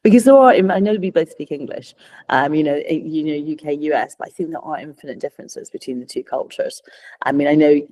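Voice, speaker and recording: A woman's voice: sits low, brisk, warm tone. A Scottish woman co-hosting a podcast, chatting casually and telling anecdotes with frequent laughter. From Scotland. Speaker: podcast co-host. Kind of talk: casual chat.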